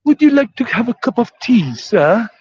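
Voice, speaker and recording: A man's voice: very high voice, sing-song, moderate pace, darkish tone, highs cut off, a little hiss or hum, voice pushed up, exaggerated voice. A man putting on a mock British accent, playing a polite man who offers tea and biscuits. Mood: courteous. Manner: prim, courteous offering.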